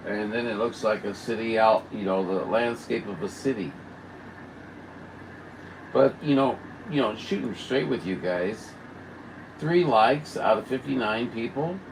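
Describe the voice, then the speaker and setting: A man's voice: fairly low pitch, animated, unhurried, distant mic, noisy background. A man hosting a CB radio livestream, rambling and grumbling in folksy casual chat.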